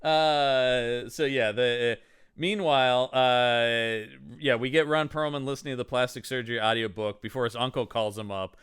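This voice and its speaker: A man's voice: mid-range voice, moderate pace, clear, resonant tone. A man co-hosting a casual movie podcast, acting out characters' lines as he talks. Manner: animated, acts out characters' lines. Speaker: podcast co-host. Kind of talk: casual movie review chat.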